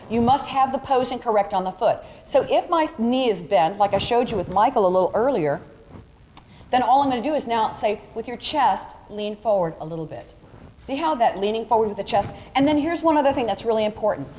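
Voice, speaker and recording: Woman, higher voice, chatty workshop teacher, echoey hall, faint background noise. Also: a little mellow. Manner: chatty, direct, demonstrative, uses "y'all". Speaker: photography instructor. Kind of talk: live workshop lesson. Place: large room with a live audience.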